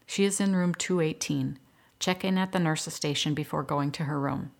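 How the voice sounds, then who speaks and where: A woman's voice: sits low, moderate pace, vocal fry. A woman voicing a cautious hospital volunteer. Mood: careful.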